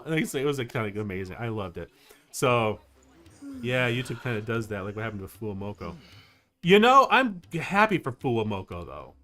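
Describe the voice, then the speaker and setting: Male VTuber streamer, animated delivery, chatty and rambling, faint game music behind. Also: medium pitch. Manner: rambling, excitable, lots of fillers and laughs. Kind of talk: casual livestream chat while gaming.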